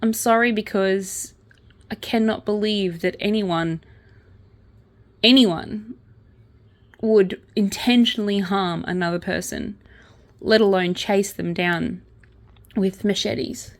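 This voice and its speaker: A woman's voice: medium pitch, slow, long pauses. A young Australian woman hosting a casual chat, reading news aloud and reacting with open sorrow. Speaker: podcast host. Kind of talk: casual true-crime commentary while crocheting.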